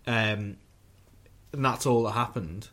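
A man's voice: on the low side, slow pace, a bit bright. A man co-hosting a comedy podcast, reading reviews aloud in a dry, wry way. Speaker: podcast co-host. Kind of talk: casual comedy podcast chat.

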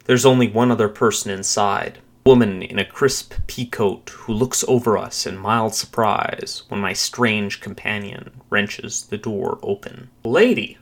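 Guy w a lowish voice narrating a creepy thriller story, calm measured reading. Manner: steady, measured dramatic reading. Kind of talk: scripted narration of a first-person thriller story.

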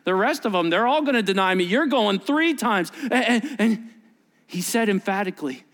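A male pastor preaching a sermon in a conversational, animated way, acting out quoted voices and asking the listeners questions. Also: high-pitched, moderate pace. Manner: animated, acts out quoted voices with sudden rises; conversational, asks the congregation questions.

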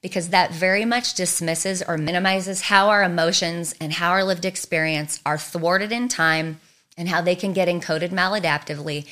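A woman's voice: fairly low pitch, steady tone, moderate pace, fairly bright tone. A woman trauma therapist giving an earnest teaching talk, building her points through short repeated phrases.

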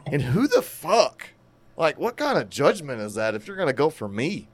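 A man telling a crude, animated story in casual profane podcast chat, laughing at his own tale. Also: on the high side, normal speed.

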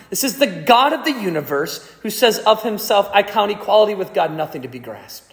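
A man's voice: a little high, very animated, normal speed. Impassioned male pastor in an echoey hall. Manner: impassioned, indignant preaching with sudden loud peaks. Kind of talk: sermon. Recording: echoey hall with long reverb.

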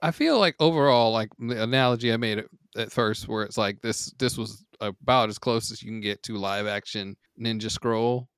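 A man's voice: on the low side, moderate pace, few pauses, smooth, no echo, studio quality. A man chatting casually on a movie podcast, retelling scenes animatedly and trailing off in fillers when summing up. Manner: animated retelling, acts out quotes. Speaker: podcast panelist. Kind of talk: casual movie review chat.

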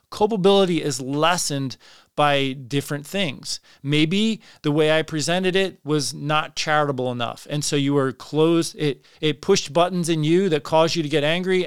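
A middle-aged man talks earnestly and passionately through a faith podcast monologue, often restarting his sentences. His voice sits a little high for a man and sounds smooth and resonant. It is recorded dry and close on a podcast mic. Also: no echo. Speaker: podcast host.

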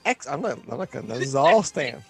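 Mid-pitched man who tends to mumble. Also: big pitch swings, quick pace, creaky, music in the background. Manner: tends to mumble, trying to enunciate. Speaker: podcast co-host. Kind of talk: casual chat.

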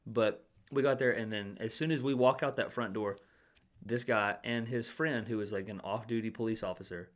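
A young man and restaurant manager in casual chat, telling animated stories, swearing freely and acting out what others said. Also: lowish voice, normal speed.

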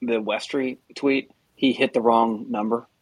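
A man's voice: medium pitch, steady tone, a little slow, no room sound. A man in a casual podcast chat, chiming in with pointed follow-up remarks. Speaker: podcast co-host.

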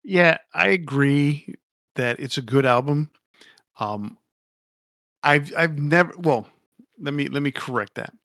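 A man's voice: fairly high pitch, slow, vocal fry, pauses often, fairly bright tone, no room sound, studio quality. A man co-hosting a casual podcast, rambling and opinionated, swearing casually as he talks. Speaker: podcast co-host.

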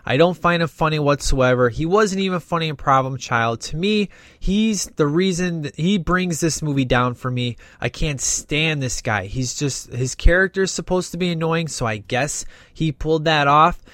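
A man talks through a movie review in a loose, opinionated ramble, full of fillers and restarts. His voice sits a little high for a man. The sound is dry and close, with no room echo. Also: moderate pace, hardly any pauses, fairly bright tone. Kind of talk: casual spoken movie review.

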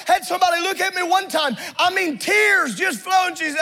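A man pastor preaching a fiery sermon in a church, often shouting in a rhythmic preaching cadence. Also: very high voice, fairly quick, creaky. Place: church sanctuary with congregation.

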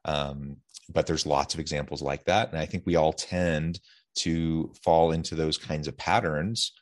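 Very deep-voiced male podcast host. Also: fairly even intonation. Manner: reflective, measured, lots of fillers. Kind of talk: interview questions.

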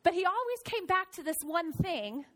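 A woman pastor preaching a sermon in church, telling stories with animated swings from soft to loud. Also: very high-pitched, moderate pace.

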